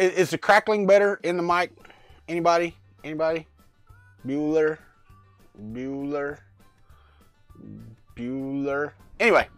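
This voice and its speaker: Here a middle-aged man with a high voice rambles through a casual live-chat vlog, streaming from his home workspace and welcoming viewers in the chat by name. He talks into a lavalier mic, and the recording is dry.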